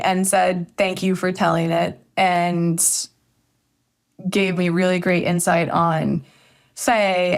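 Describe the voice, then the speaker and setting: A woman author, a guest on a podcast, telling a story in a reflective way and often hedging with "I think". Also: lowish voice. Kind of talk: podcast interview conversation.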